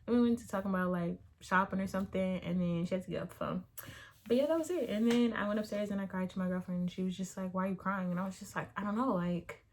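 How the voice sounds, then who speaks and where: A woman's voice: mid-range voice, fast talker, darkish tone, a little hiss or hum. A young woman chatting casually on her vlog, answering viewer questions in a rambling way with lots of filler words. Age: young adult. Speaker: YouTuber answering Q&A. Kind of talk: casual chat.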